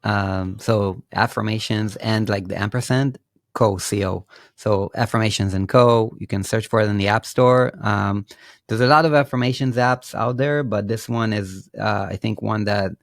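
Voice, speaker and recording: Low, gravelly man in casual interview. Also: normal speed, dry recording, studio quality. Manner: relaxed, explanatory, many fillers and restarts. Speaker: podcast guest.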